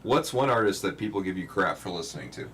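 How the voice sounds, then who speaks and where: A man's voice: low voice, animated, fast, fairly bright tone. A man hosting a casual podcast chat, laid-back and asking the questions. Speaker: podcast host. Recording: distant mic with faint noise.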